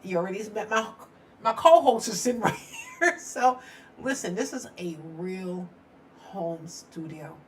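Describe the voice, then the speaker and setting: A woman's voice: medium pitch, a little slow. A middle-aged woman hosting a casual true-crime live stream from her home studio, chatty and rambling, laughing often.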